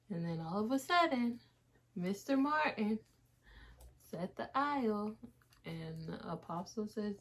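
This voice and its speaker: A woman's voice: medium pitch, lively intonation, measured pace. A young woman in her twenties casually reading out questions to her husband in a Q&A, laughing often. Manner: giggly, reads out questions. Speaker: wife, Q&A host. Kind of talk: casual couple Q&A chat.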